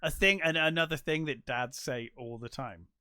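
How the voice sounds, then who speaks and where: A man co-hosting a casual film podcast, talking in an animated way and acting out his own reactions. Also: on the high side, moderate pace, smooth, dry recording, clean studio sound. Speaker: podcast co-host.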